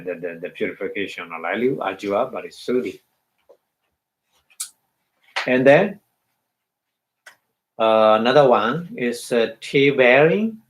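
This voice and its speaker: A male Buddhist meditation teacher gives an unhurried dharma lecture. His voice sits in a middle pitch and moves at a slow pace. He halts, repeats words and pauses to ask his listeners if they follow. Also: poor audio. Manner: halting, repeats phrases, checks in with "huh?".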